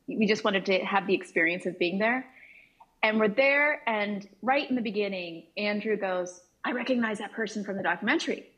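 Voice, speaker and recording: A woman's voice: mid-range voice, a bit bright, poor audio. A woman actress, a guest on a late-night talk show, telling stories in a chatty, self-deprecating way. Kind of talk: casual interview storytelling. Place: television studio.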